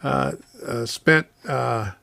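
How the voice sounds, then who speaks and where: Gravelly guy chatting slow on a live stream from his train room, chuckles a lot, dry close sound. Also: medium pitch, pushed and bright, dry recording. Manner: rambling, chuckles often, reads chat aloud. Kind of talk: casual live-stream chat.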